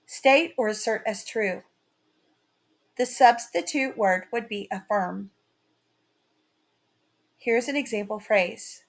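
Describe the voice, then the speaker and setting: A woman teaching a writing lesson in a slow, carefully read-out, scripted delivery. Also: mid-range voice.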